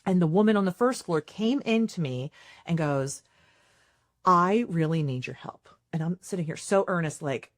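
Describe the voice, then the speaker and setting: A woman's voice: lowish voice, moderate pace, dry recording, clean studio sound. A woman hosting a casual chat, telling stories and acting out the quotes. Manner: animated storyteller who acts out quotes loudly. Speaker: property manager, podcast host.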